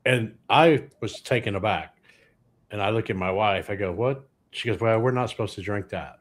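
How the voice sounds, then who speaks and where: A man's voice: fairly low pitch, moderate pace. A man, a guest comedian telling rambling anecdotes with dry punchlines. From Louisiana, US. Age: 60s. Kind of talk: comic storytelling on a podcast.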